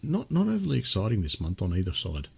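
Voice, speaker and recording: Low-voiced chatty male podcast host. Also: huge pitch swings, fast talker, vocal fry, breathy edge. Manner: chatty, rambling with many restarts. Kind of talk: casual chat.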